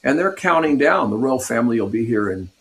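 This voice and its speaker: A man's voice: medium pitch, brisk. Older guy from california telling road stories, lots of ups and downs in his voice, chuckles a lot. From Pasadena, California. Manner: animated, laughs often, acts out quotes. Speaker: guest guitarist. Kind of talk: storytelling in a radio interview.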